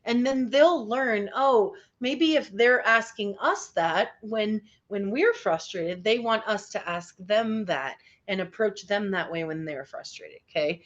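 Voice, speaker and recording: Encouraging woman teacher on a call. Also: medium pitch. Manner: upbeat and encouraging, often checking in with the group. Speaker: teacher leading a teen workshop. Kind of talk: interactive online lesson. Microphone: video call. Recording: slightly dull online call audio.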